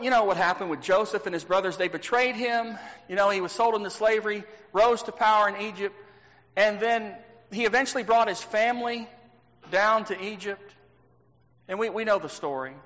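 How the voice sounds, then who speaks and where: A man preaching a sermon to a congregation. He stresses points by slowing down and repeating words, and asks rhetorical questions. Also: high voice, a bit bright. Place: church sanctuary. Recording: dull lo-fi recording with long hall reverb.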